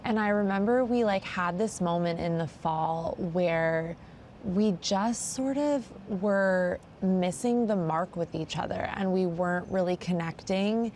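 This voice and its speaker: A woman's voice: fairly low pitch, unhurried, darkish tone, a little hiss or hum. A woman in her thirties as a podcast guest, talking candidly and reflectively about her past, with frequent "like" fillers. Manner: reflective, confessional, heavy use of "like". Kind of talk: candid conversational podcast chat.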